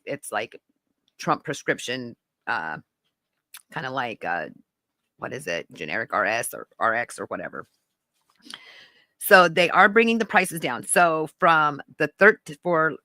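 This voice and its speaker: A woman's voice: low voice, sharp tone, no room sound. Chatty woman hosting a live stream. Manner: rambling, conversational, talks to viewers in the chat. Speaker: podcast host. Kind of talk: casual live-stream chat.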